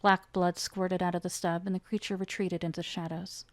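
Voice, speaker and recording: Briskly and with little pitch movement, a woman with a low-leaning voice reads a chapter of her fantasy novel in a dramatic fiction reading with no echo. She raises her voice for the characters' dialogue, giving their lines rising emotion.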